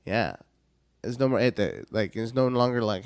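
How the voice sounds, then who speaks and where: A man telling profane, animated stories in casual podcast chat, acting out shrill quoted voices. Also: a little fast. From South Texas. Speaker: comedian guest.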